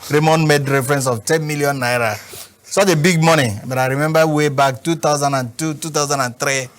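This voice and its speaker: A man's voice: a little high, fairly even intonation, brisk. A man with a Nigerian accent talking as a football pundit on a studio show, rambling and peppering his talk with "you know".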